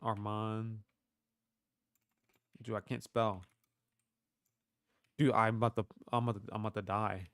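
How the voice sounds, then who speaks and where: With a fairly low, steady, fairly bright voice, a young Kentucky man hosts a relaxed livestream at normal speed, pausing often. He jokes loosely, swears frequently, and reads chat aloud, and there is no echo.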